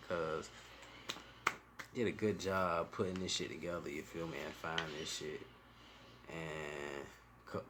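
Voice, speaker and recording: A man's voice: sits low, noisy background. A man hosting a reaction channel, talking in loose, profane, slangy casual commentary.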